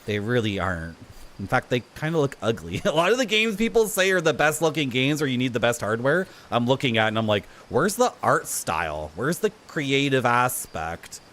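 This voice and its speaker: Animated man ranting on a game stream. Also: medium pitch, fast. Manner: ranting, animated, greets chat. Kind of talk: casual game stream chat. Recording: faint music behind.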